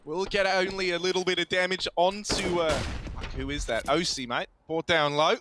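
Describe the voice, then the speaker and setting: A man giving excitable, chatty live esports commentary. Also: high voice, normal speed, noisy background. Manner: excitable, chatty, says mate. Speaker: esports caster.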